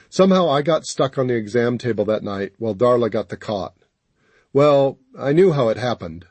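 Husky guy reading a story, steady and even, dry close sound. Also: mid-range voice, normal speed, no echo. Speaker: audiobook narrator. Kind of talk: first-person audiobook narration.

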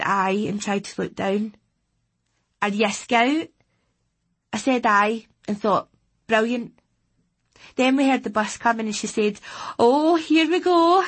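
A Scottish woman narrates an audiobook in a teenage boy's first person. Her telling is steady and plain. The voice is husky. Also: mid-range voice. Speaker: audiobook reader.

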